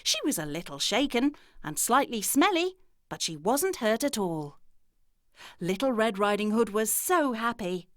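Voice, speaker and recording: A woman narrating children's fairy tales in an expressive storytelling manner. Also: a little high, measured pace, no echo, studio quality.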